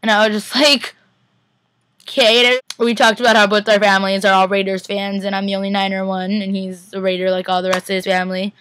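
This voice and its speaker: A woman's voice: mid-range voice, level tone, a little fast, a bit bright, dry recording. A young woman from Northern California giving a chatty, rambling convention recap vlog, full of "like" and quoted back-and-forth. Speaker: fan vlogger.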